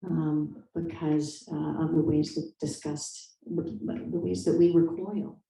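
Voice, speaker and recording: In a conversational interview, a woman author responds thoughtfully but hesitantly, restarting often and using lots of fillers. She speaks slowly in a low, level, creaky, mellow voice, captured by a distant mic in an echoey room.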